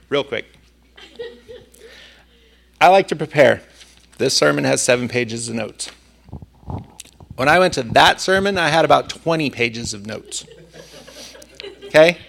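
A man's voice: mid-range voice, vocal fry, fairly bright tone. A male preacher delivering a sermon, telling a personal story in a conversational manner.

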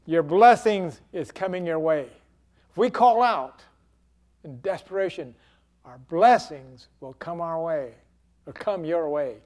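High-voiced slow-preaching man. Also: animated, darkish tone. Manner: dramatic preaching, acts out quoted cries. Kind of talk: sermon.

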